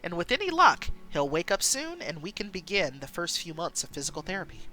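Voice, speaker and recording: A woman playing a calm female doctor. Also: lowish voice, brisk, soft background music, rough recording. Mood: reassuring. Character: calm female hospital doctor, professional and reassuring.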